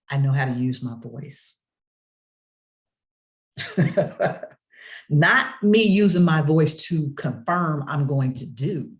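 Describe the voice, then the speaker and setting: Emphatic preacher-style motivational speaker. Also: medium pitch. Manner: emphatic, repeats key phrases in rhythmic refrains; rhetorical, calls out to listeners.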